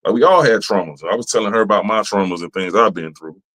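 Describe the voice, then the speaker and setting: A man hosting a podcast in a casual, profane, animated monologue, laughing often and jumping high in pitch when he rants. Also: fast talker. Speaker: podcast host.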